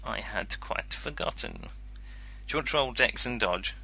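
A man's voice: fairly low pitch, expressive, moderate pace, vocal fry, bright, forceful tone, slightly rough. A man narrating a tabletop horror game as game master, chatty, with frequent ums and laughs.

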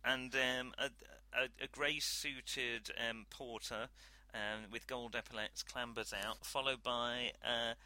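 A man's voice: medium pitch, fairly even intonation, takes it slowly, hardly any pauses, pushed and bright, dry recording. A man narrating as game master, hesitant with many ums.

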